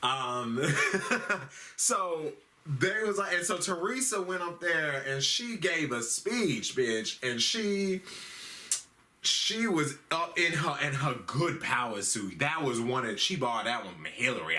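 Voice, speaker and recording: A man hosting a comedic news recap in a very bright, sharp voice. He rambles in a slangy, profane way. His pitch sits at an ordinary male level. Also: lively intonation, slow pace. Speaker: host.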